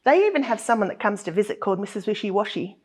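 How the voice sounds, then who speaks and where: A woman's voice: medium pitch, very animated, quick pace, darkish tone. A woman teacher, hosting a preschool morning and talking to small children in a sing-song, encouraging way. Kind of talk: cheerful talk to small children.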